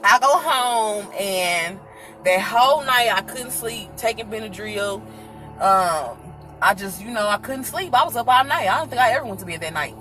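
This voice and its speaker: A woman vlogger telling a personal story in casual chat, animated and laughing, acting out the people she quotes. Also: medium pitch, normal speed, soft background music.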